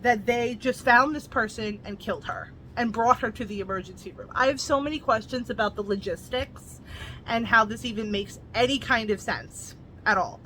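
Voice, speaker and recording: A woman recaps a novel in a casual, chatty review, peppering it with "like" and blunt asides. Her voice sits a little high and has a bright, keen edge. A faint hiss runs under it. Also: normal speed, poor audio. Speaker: book reviewer.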